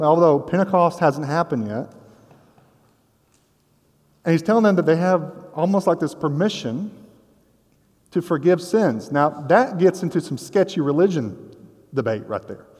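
A man's voice: a little high, a little mellow. A man preaching a conversational sermon as a pastor, with casual joking asides. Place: church sanctuary. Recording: long hall reverb.

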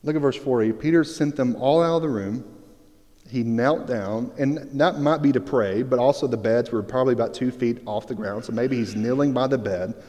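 A man's voice: mid-range voice, moderate pace. Man preaching in an echoing hall. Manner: animated storyteller, swings between hushed and excited. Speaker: pastor. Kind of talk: sermon with personal story. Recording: long reverb of a large hall.

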